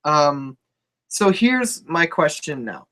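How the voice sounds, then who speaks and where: A man's voice: fairly high pitch, very animated, slow pace, fairly bright tone. Swearing man in a casual chat. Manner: rambling, swears a lot, laughs often. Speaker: co-host of a live wrestling talk show.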